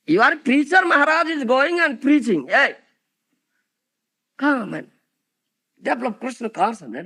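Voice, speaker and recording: High, gravelly man giving a slow lecture. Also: expressive, sharp tone. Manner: rhetorical questions with frequent "huh?" and "isn't it?" to the audience. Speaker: spiritual teacher. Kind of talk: devotional lecture.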